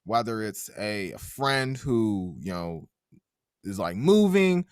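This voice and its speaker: A young adult man hosting an interview, casual and expressive, asking long, earnest questions. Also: fairly low pitch, slow, smooth, no echo, clean studio sound. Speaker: interviewer host.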